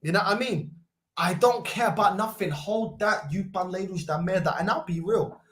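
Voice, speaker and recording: A young man, hosting a football fan livestream with loud, mocking banter and rapid-fire rhetorical questions. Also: high voice. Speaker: host. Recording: roomy echo.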